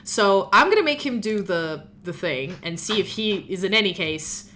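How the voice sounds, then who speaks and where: Bright-voiced woman running a tabletop game. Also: mid-range voice, moderate pace, a little hiss or hum. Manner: chatty, animated narration with fillers. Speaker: game master.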